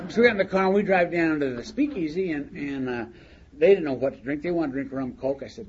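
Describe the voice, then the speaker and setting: A slightly high, slightly mellow male voice talks fast as an older man shares a funny personal story at a recovery meeting. He's folksy and laughs along with his own words. It was recorded in a meeting hall on dull lo-fi audio with faint hiss.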